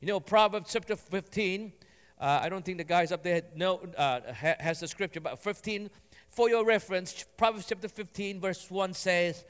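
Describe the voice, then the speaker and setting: A man preaching a sermon to a congregation, animated, acting out quotes and slowing down for scripture. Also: high-pitched, smooth. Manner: animated, acts out quotes in raised voice; slow emphatic reading of scripture. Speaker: pastor. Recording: long hall reverb.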